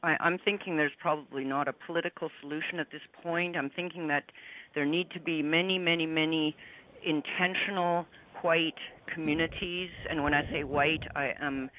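A woman's voice: deep voice, steady tone, normal speed, phone-quality sound. A woman talking casually as a co-host, rambling and laughing between points. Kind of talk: casual chat.

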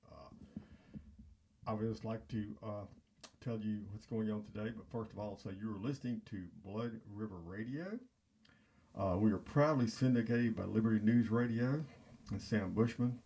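A man hosting a radio show, talking in a rambling, halting, preachy way full of filler sounds. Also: on the low side, fairly even intonation, mellow, slight background noise, low-quality recording. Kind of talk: rambling talk radio monologue. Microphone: home broadcast setup.

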